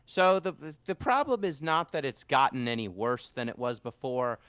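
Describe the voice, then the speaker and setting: A man's voice: mid-range voice, normal speed, a bit bright, smooth, no room sound. A man co-hosting a game stream, chatting casually with a dry, joking manner. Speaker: stream co-host. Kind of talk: casual chat.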